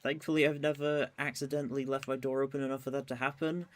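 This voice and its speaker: A man's voice: medium pitch, level tone, quick pace. A man talking through his race live, chatting with a friend and laughing often. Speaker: streamer playing the game. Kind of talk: live gameplay commentary.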